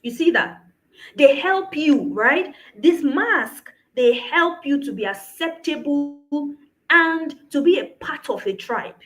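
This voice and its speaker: A woman's voice: high-pitched, lively intonation, takes it slowly, fairly bright tone, low-quality recording. A woman coach giving an earnest motivational talk, often checking in with her listeners through rhetorical questions. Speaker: personal development coach.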